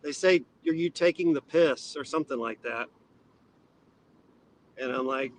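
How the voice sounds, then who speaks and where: A man talking casually as a guest, telling relaxed, folksy stories. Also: mid-range voice, a little slow, pauses often, slight background noise, rough recording. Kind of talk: casual chat.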